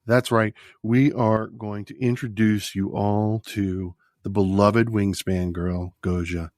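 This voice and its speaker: A man's voice: fairly low pitch, fairly even intonation, slow, darkish tone, no echo. Chatty male podcast co-host, dry sound. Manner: upbeat, chatty interviewer. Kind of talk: casual chat.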